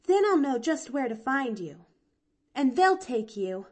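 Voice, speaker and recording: Woman voicing a chatty little girl, high voice, bouncy, eager, audiobook. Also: very animated, measured pace, a little mellow, full character voice. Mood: chattering. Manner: eager, rambling, breathless chatter.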